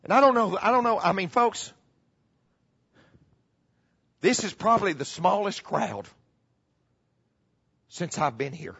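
A middle-aged male pastor delivers a dramatic sermon in a high, bright, gravelly voice with a husky edge. He repeats his key phrases and sinks to hushed tones. The recording is muffled and slightly lo-fi. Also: very animated, unhurried, pauses often.

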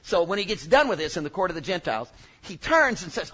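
A man's voice: sits high, sing-song, fast talker, fairly bright tone, husky, lo-fi sound. A male preacher giving a sermon, joking and emphatic, working up from asides to strong points.

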